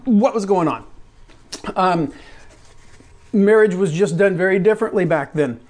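A man's voice: high voice, unhurried, a little mellow. A man on a church live stream, casually explaining a scripture question and correcting himself as he goes. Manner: rambling, self-correcting, chuckles. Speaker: church teacher answering questions.

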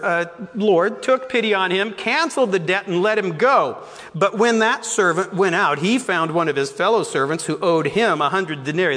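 A male pastor preaching a sermon, reading scripture aloud with animated voiced lines and asides. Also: high voice, in a large hall.

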